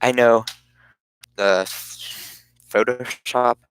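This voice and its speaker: A man casually chatting on his live stream, rambling in a halting way and often cutting himself off mid-thought. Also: medium pitch, fairly even intonation, a bit bright, a little hiss or hum, rough recording. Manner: rambling, halting, self-interrupting.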